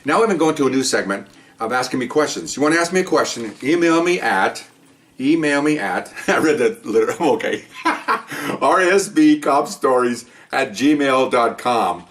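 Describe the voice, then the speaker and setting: A middle-aged man, a former police officer, telling his own stories in an animated monologue with sarcastic asides. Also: medium pitch, moderate pace. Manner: animated, sarcastic asides, mimics people he quotes. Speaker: retired police officer, podcast host. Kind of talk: storytelling monologue.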